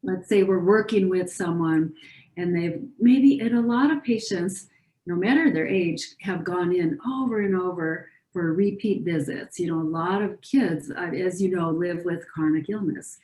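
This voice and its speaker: A woman clinician giving an educational talk, speaking calmly and reassuringly and modeling soothing phrases for patients. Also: lowish voice, a little slow, roomy sound. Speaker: pediatric clinician presenter.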